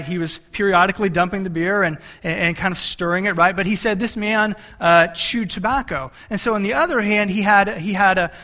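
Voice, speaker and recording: Preaching in a high, bright, pushed voice, a male pastor tells his sermon as a conversational story. He keeps restarting and repeating words, with asides directed at his congregation.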